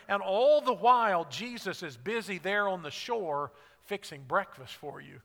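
High bright-voiced preacher in a reverberant hall. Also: male voice, lively intonation, moderate pace, few pauses. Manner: earnest, conversational preaching with rhetorical questions. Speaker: pastor. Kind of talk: sermon.

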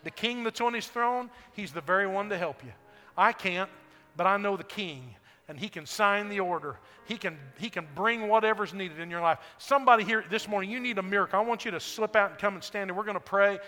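A man pastor preaching a sermon to a congregation, building to loud shouted lines and then dropping his voice. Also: high voice, a little fast, soft background music. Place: church sanctuary. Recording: echoey hall.

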